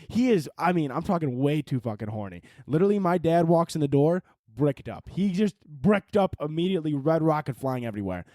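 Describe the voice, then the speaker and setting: A man's voice: fairly high pitch, a little mellow, dry recording, studio quality. A young man in his twenties hosting a comedy podcast, rambling and profane in a casual rant. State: tired from little sleep.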